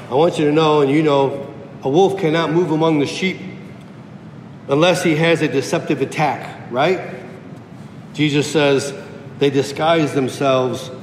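A man preaching a sermon emphatically, repeating key phrases for effect. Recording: echoey hall with faint rumble.

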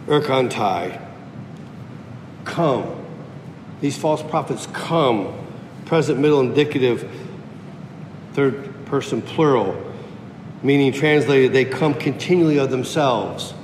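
A man's voice: slow pace, pauses often. A man preaching a sermon emphatically, repeating key phrases for effect. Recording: echoey hall with faint rumble.

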